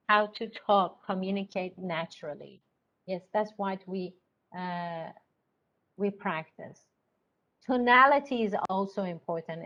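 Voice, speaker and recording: Woman, teacher trainer, slow and methodical lecture delivery, keeps checking in with the class, muffled lo-fi sound. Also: mid-range voice. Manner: explains step by step, checks in with "okay?". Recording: dull lo-fi recording.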